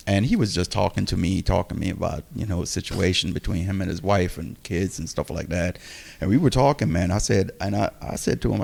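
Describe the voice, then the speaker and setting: A man co-hosting a podcast, telling a story in a casual, animated way and acting out what people said. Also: low voice, vocal fry. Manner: animated, acts out quoted speech.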